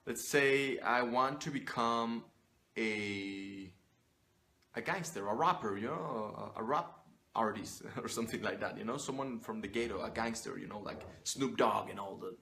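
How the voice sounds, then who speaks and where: Brief: young male image coach, forceful and profane, monologue to camera. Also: mid-range voice, a little hiss or hum. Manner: blunt and profane, emphatic preaching.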